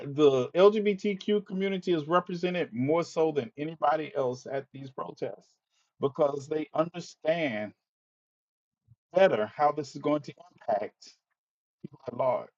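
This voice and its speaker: A man's voice: on the high side, a little mellow, lo-fi sound. A man hosting a live stream, ranting with exasperation, swearing, stammering and repeating himself. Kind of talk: impassioned live-stream monologue.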